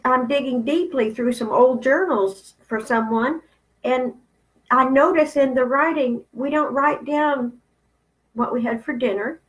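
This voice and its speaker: With a voice that sits high and a bit bright, a spiritual channel host in her fifties delivers a blunt, candid talk, conversational and sometimes profane. The recording quality is low.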